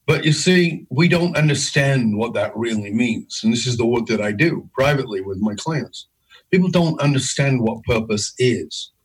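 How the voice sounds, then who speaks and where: Husky guy, middle-aged, telling his story with big emotional swings. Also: animated, normal speed, rough recording. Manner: intense, emphatic storytelling with big pitch swings. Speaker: guest, leadership speaker. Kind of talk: storytelling interview.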